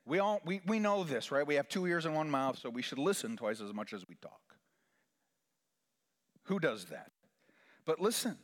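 A man preaching a sermon in a church sanctuary, his voice carrying a long reverb through the hall. He talks in a lively, animated way, pushing up loud and high for emphasis, then sinking to hushed, near-whispered lines. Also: moderate pace, pauses often. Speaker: chaplain.

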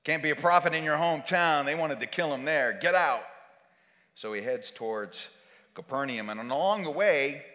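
Man, pastor, bright forceful voice, conversational sermon, long hall reverb. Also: medium pitch. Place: church sanctuary.

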